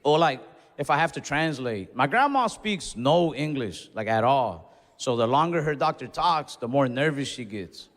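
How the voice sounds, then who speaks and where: A man's voice: mid-range voice, lively intonation, normal speed, fairly bright tone. A young man performing stand-up, telling casual, conversational stories with Spanish asides. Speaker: stand-up comedian. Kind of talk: stand-up routine. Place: comedy club stage before a laughing audience. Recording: live stage mic with long hall reverb.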